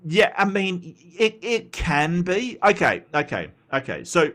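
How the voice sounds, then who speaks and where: Australian male commentary host, voice sits fairly high with a lot of swing, loose and profane delivery. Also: sing-song, measured pace, a bit bright. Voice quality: sweary, blunt, rambling with restarts. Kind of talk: casual reaction commentary, reading chat.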